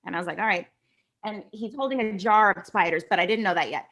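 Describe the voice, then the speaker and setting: A middle-aged woman from California, a guest actress, chatting casually and telling stories in an animated way, acting out quoted dialogue. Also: mid-range voice, quick pace. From California, USA. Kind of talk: casual interview storytelling.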